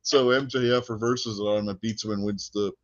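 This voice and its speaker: A man co-hosting a casual wrestling chat show, telling stories in an animated way and laughing often. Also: fairly low pitch, a little fast, no room sound. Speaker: podcast co-host. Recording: dull lo-fi podcast audio.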